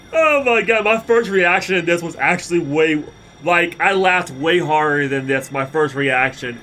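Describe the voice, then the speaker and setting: A man's voice: a little high, normal speed, bright, forceful tone, slight background noise. A man streaming a game and reacting with constant giggling, laughing until he tears up while sick with the flu and coughing. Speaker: let's play streamer.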